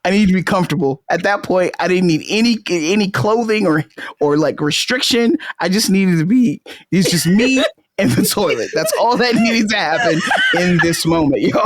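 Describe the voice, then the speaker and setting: A woman's voice: fairly low pitch, normal speed, dry recording, studio quality. A woman co-hosting a casual chat podcast, telling a story with lots of laughter and acted-out quotes. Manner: animated storyteller, laughs often, acts out quotes. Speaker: podcast co-host.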